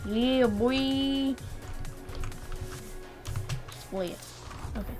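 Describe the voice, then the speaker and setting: A young woman commentating her gameplay casually, excitable, shrieking and repeating words when things go wrong. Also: mid-range voice, takes it slowly, breathy edge, soft background music. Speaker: gaming channel host.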